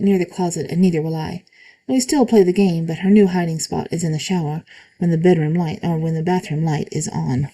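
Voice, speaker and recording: A woman reading spooky stories aloud in a calm, even way, adding short comments of her own. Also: lowish voice, rough recording. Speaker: reader of online stories.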